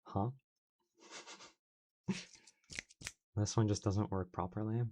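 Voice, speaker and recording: A man's voice: fairly low pitch, steady tone, slow pace, mellow, dull audio, slight background noise. A man chatting playfully as an ASMR streamer, reacting to his audience with frequent laughs. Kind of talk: casual ASMR stream chat.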